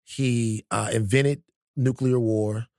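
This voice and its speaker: A man in his thirties hosting a podcast, talking in an animated, joking and profane way. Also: medium pitch, slow pace, no room sound, studio quality. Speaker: podcast host. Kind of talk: casual chat.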